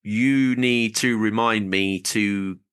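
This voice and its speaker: A man's voice: on the low side, fairly even intonation, slow pace, fairly bright tone, smooth. A man co-hosting a podcast, chatting in a jokey, rambling way while reading out supporters. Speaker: podcast co-host. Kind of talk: casual podcast chat.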